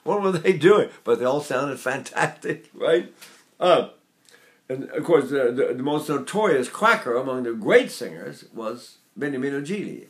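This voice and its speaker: An older man teaching singing, talking in an animated, digressive way and breaking into sung vocal demonstrations. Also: mid-range voice, normal speed. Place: Seattle area.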